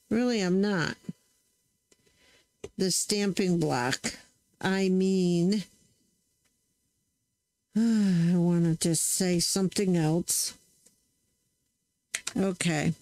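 Slow, chatty woman crafting on camera. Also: lowish voice, darkish tone, dry recording, rough recording. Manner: chatty, self-correcting, talks to viewers while working. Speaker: craft channel host. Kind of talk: casual crafting demo chat.

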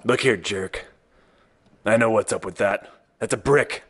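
A man's voice: fairly low pitch, a little slow, fairly bright tone, breathy edge. A man voicing a bossy, know-it-all male customer who barks curt orders.

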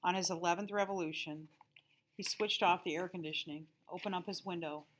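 A teacher reading a novel aloud to her class in a calm, steady storytelling manner. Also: fairly low pitch, a little fast, slight background noise.

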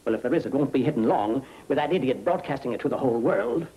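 An actor playing a nervous attorney in a 1940s film, urgent, clipped and impatient. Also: male voice, mid-range voice, animated, quick pace, warm tone, husky, low-quality recording. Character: nervous, hurried male lawyer.

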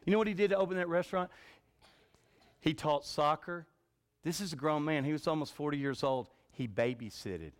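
A man preaching a revival sermon in a church, telling folksy stories and swinging from shouts to a hushed voice. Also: on the high side, brisk. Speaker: pastor. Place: church sanctuary.

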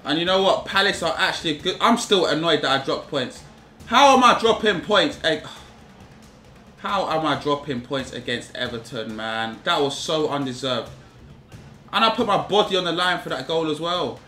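A young man commentating live on his own football game, repeating himself and shouting in frustration at his players. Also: on the high side, expressive, normal speed, echoey room, faint music behind. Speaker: gaming YouTuber.

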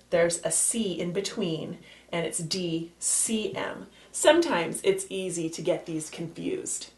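Slow, patient woman teaching elementary math. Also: medium pitch, a little mellow. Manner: patient, spells out letters and repeats key points. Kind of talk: slow explanatory math lesson for young children. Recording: echoey room.

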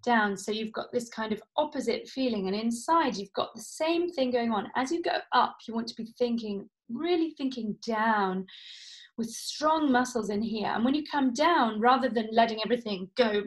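A woman leads a guided vocal warm-up from home, her voice sitting a little high. She instructs in a playful, encouraging way, demonstrating each exercise as she goes. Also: lively intonation, normal speed. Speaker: vocal coach. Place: home, indoors.

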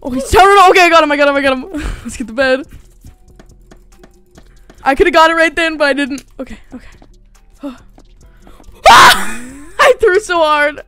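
A high-voiced young man at his desk mic, narrating his own gameplay with quick bursts of excitement, slang and sudden yelps. Casual streamer energy. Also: soft background music. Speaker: gaming YouTuber. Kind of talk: gameplay commentary.

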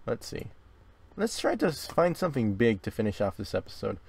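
A young man hosting a gaming video, chatting casually and often swearing and yelling when startled, recording in a dark closet. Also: medium pitch, sing-song, fairly quick, gravelly, background noise. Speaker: gaming channel host. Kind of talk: casual game commentary.

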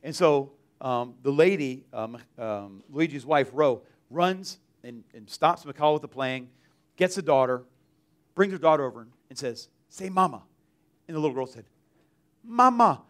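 A mission trip team member shares his testimony at church in a medium-pitched voice at normal speed. He rambles casually, leaning heavily on fillers, saying "like" a lot and restarting often.

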